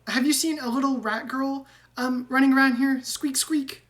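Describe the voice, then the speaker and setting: Woman doing a high, squeaky, fretful rat man for a home tabletop game. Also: steady tone, moderate pace, lightly acted. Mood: worried. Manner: peppers every phrase with squeaks. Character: anxious talking male rat person who squeaks.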